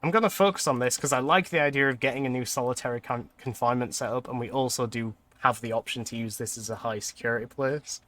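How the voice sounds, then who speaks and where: Young male streamer, bright clear tone, chatty, laughs a lot. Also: mid-range voice, fast, few pauses. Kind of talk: casual gameplay commentary.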